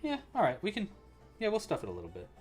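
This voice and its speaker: A man hosts a casual live crochet lesson, his voice rising and falling in lively swings. He chats with viewers and counts stitches quietly as he works. Faint music plays behind him. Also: sits high, rapid-fire. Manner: chatty, reacts to live chat while crocheting; counts stitches aloud under his breath. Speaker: crochet livestream host. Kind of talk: casual live tutorial chat.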